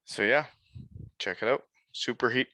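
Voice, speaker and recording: A man in his forties hosting a podcast, chatting casually over a remote call in a relaxed, rambling way. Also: mid-range voice, moderate pace. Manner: relaxed, rambling, with many fillers. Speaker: podcast host.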